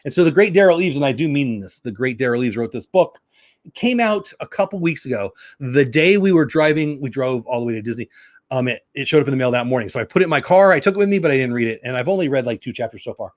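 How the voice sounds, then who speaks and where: Man, middle-aged, casual live-stream chat, rapid talk, dry close sound. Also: mid-range voice, expressive, dry recording. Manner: chatty, greets chat viewers by name. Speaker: YouTube live stream host.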